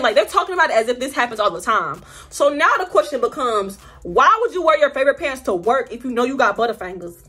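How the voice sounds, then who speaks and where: Animated young woman telling a storytime vlog. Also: a little high, fast, breathy edge. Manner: animated, slangy storytelling with quoted voices. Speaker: vlogger.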